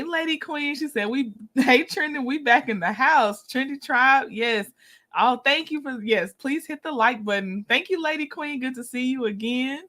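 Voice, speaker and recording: A woman hosting a casual livestream, greeting viewers by name, lively and quick to laugh. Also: sits high. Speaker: livestream host.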